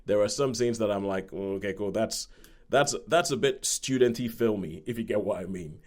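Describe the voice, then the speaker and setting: A man's voice: lowish voice, moderate pace, darkish tone. A man casually reviewing a film on a podcast, rambling and repeating words as he acts out bits of dialogue.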